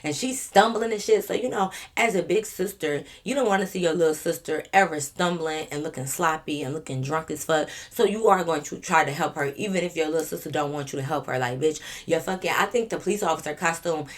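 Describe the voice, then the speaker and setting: A young woman vlogger telling a casual storytime, animated and profane, acting out the quotes. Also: sits low, brisk, few pauses.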